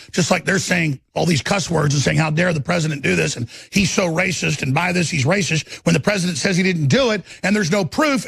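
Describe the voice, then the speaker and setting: A man hosting a talk radio show, ranting angrily and emphatically, pitching products between tirades. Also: creaky, a bit bright, husky, no echo, clean studio sound. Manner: angry, emphatic, repetitive ranting.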